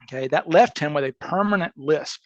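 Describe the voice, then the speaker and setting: A man's voice: fairly high pitch, fairly quick, dry recording, dull audio. A man with a Southern accent, a criminal defense attorney on a podcast interview, laying out a case emphatically and checking in with "okay?" and "right?" as he goes.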